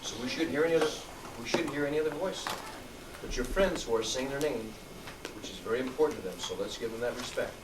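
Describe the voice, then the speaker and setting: Fast-talking and medium-pitched, this middle-aged man coaches young students, calling out to them in an upbeat, encouraging way. He sounds distant, picked up across a big, noisy, echoing room set with student tables.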